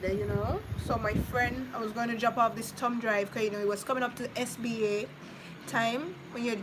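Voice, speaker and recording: A woman in her thirties talking on a live stream, her voice set a bit high. She rambles and circles back in a heartfelt, personal way. There is steady noise under the voice. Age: 30s. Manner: rambling and heartfelt, repeating herself, talking to viewers. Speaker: vlogger reading live chat. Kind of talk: casual live-stream chat.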